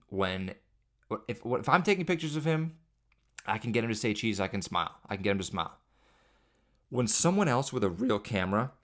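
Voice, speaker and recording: A podcast host with a fairly low, slightly bright voice performs a solo, casual comedic monologue. He rambles through one parenting story after another, joking and exaggerating along the way.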